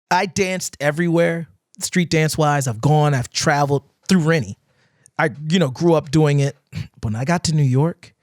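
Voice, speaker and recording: A man on a podcast telling stories in casual chat, animated, swearing freely and acting out cheering friends. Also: on the high side, no echo, studio quality. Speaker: guest dancer. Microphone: podcast microphone.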